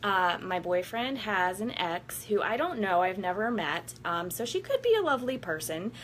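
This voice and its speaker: A woman's voice: mid-range voice, very animated, normal speed, a bit bright, slight background noise. A woman talking straight to her viewers, blunt and profane, laughing often and acting out what people say. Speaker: vlogger giving workout motivation. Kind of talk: casual candid monologue to viewers.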